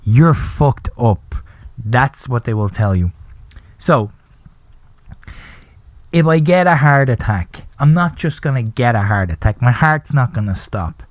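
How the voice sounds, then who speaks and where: A man's voice: mid-range voice, expressive, a little slow, long pauses, dry recording. A man, hosting a podcast and ranting in a profane, exaggerated comic monologue. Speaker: podcast host.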